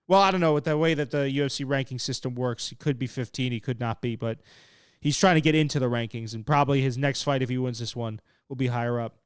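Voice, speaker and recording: Young man, fight stream host, casual commentary, excitable, swears, smooth voice. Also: medium pitch, quick pace, no echo, clean studio sound. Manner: excitable and laid-back, swearing, laughing at chat. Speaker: fight watch-along streamer. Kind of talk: casual live commentary while reading chat.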